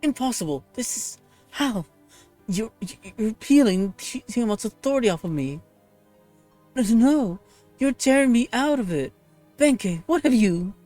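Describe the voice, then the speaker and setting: A man's voice: a little high, big pitch swings, moderate pace, soft background music. A man putting on a vengeful young warrior woman. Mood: shocked. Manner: raging, contemptuous, shouting threats. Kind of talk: reading game dialogue aloud.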